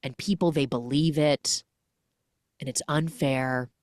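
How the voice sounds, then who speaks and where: A woman's voice: a bass voice, fairly even intonation, slow, darkish tone, dry recording, studio quality, voice pushed down. A woman voicing a worried, earnest older mother in a podcast recap.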